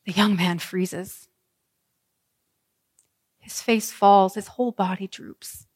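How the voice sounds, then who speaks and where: A woman pastor preaching a sermon, telling the story vividly with dramatic pauses. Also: medium pitch, fairly even intonation, a little mellow, husky. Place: church sanctuary. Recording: reverberant church hall.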